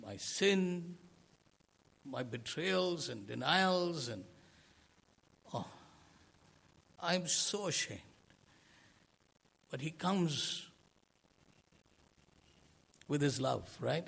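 Gravelly, husky male preacher, slow sermon. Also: a little high, a bit bright. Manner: earnest, rhetorical questions, swelling emphasis.

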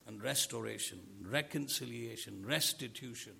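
A man's voice: medium pitch, moderate pace, creaky, bright, forceful tone, breathy edge. A man preaching a sermon to a congregation, asking them rhetorical questions. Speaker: pastor.

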